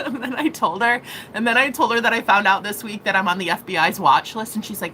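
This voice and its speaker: A woman speaking as a spiritual reader in a casual vlog monologue, profane and dramatic, laughing often and rushing in bursts. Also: a little high, bright, forceful tone, a little hiss or hum, rough recording.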